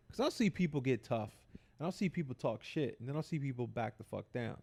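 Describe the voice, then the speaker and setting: A man co-hosting a podcast, telling stories in a casual, animated, profane way and acting out the dialogue in them. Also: mid-range voice, fast, gravelly, breathy edge. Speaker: podcast co-host.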